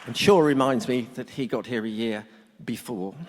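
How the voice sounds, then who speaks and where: A man's voice: mid-range voice, moderate pace, some chatter behind, slight background noise. A middle-aged man speaking to a workshop audience, a blunt and joking storyteller. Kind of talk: humorous talk to an audience. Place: conference hall. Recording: long hall reverb.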